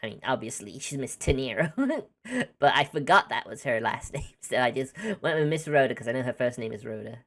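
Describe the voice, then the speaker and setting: A woman's voice: a bass voice, animated, fairly quick, fairly bright tone. A woman streamer chatting casually and giggling while she plays a game.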